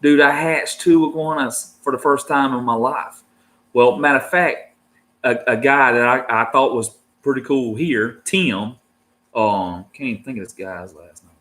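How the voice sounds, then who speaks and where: A man's voice: mid-range voice, measured pace, fairly bright tone. Laid-back man rambling about reptiles. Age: adult, married. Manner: laid-back, slangy, full of "dude" and "man", restarts. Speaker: reptile keeper vlogger. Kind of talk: casual rambling chat to viewers.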